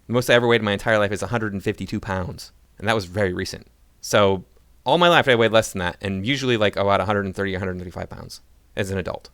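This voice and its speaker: Fast-talking sarcastic man. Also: fairly low pitch, fairly bright tone, no echo. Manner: sarcastic, mocking. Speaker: political commentator. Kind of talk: ranting commentary.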